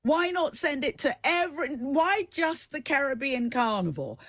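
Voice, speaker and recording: A middle-aged woman hosting a TV talk show, telling a story with animated emphasis. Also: sits high, normal speed, dry recording. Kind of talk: live TV debate and personal story.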